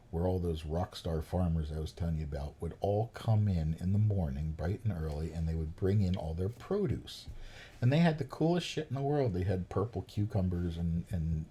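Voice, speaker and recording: A man's voice: low-pitched, mellow, breathy edge. A man, a podcast guest telling stories in a profane, ranting way. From New York. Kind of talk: storytelling chat.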